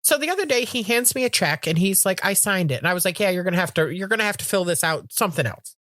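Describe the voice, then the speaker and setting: Recorded in studio quality with no room sound, a middle-aged woman co-hosts a podcast, talking fast at medium pitch. Her casual storytelling is animated, with acted-out quotes and lots of swearing.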